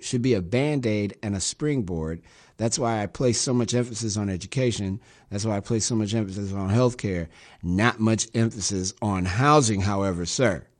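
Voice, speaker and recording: A man's voice: fairly low pitch, a little mellow. A man hosting a radio show, reading news quotes and adding sarcastic, wry asides in a loose commentary style.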